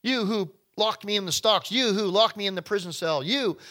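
A male preacher voicing the apostle Paul, urgently begging a man not to harm himself. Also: moderate pace. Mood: pleading. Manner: urgent, begging, rising high and loud.

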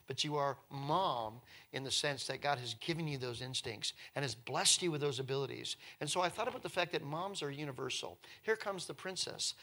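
A male preacher giving a sermon as animated storytelling, swinging from hushed to loud and often repeating words. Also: on the high side.

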